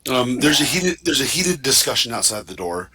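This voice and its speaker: A man narrating as game master of a tabletop game, relaxed and using filler words. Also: medium pitch, moderate pace, breathy edge, low-quality recording.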